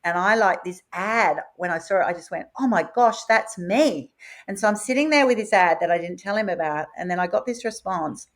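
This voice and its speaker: Woman, 50s, animated storyteller, slightly low voice, acts out dialogue. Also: quick pace, few pauses. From Australia. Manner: lively, acts out quoted dialogue with big pitch swings. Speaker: podcast host sharing her story.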